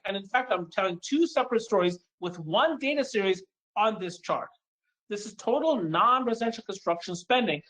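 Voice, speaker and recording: A man giving a conference talk as an economist, walking an audience through charts in a lively, emphatic way. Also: sits high, poor audio. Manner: lively and emphatic, acts out audience questions in a mock voice. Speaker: economist giving a keynote forecast.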